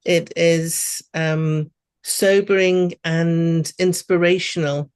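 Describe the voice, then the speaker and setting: A woman hosting a group video call, thanking the speaker in a halting way with many pauses. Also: fairly low pitch, steady tone, clear, resonant tone, no room sound. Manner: warm thanks, halting with fillers. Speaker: host.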